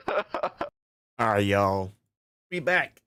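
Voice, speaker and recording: A man streaming a video game, cracking crude jokes and laughing at himself, low on energy with a headache. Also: big pitch swings, extremely slow, bright, forceful tone, clean tone. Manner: jokey and self-mocking, laughs often. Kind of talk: let's play commentary.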